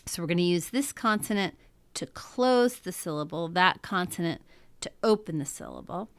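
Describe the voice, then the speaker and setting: A woman's voice: fairly low pitch, lively intonation, moderate pace, smooth, dry recording. A woman teaching a lesson, talking methodically through each step. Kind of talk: classroom lecture.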